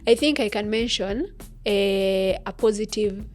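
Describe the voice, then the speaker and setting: A young Kenyan woman co-hosting a podcast, telling an animated story and code-switching freely. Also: mid-range voice, measured pace. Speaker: podcast co-host. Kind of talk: casual chat, storytelling.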